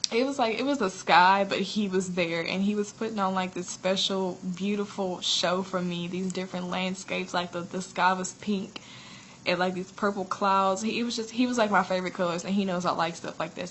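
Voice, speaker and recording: A woman's voice: fairly low pitch, normal speed, a little hiss or hum, poor audio. A woman sharing a spiritual testimony in a chatty, earnest way, often laughing as she retells it. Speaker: prophetess sharing a vision.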